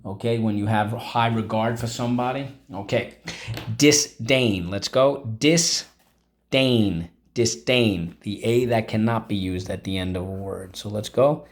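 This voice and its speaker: A man's voice: on the low side, unhurried. A man teaching a vocabulary and phonics lesson, drilling each word aloud with repetitions and prompts to the class. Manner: drills words aloud, repeating each one.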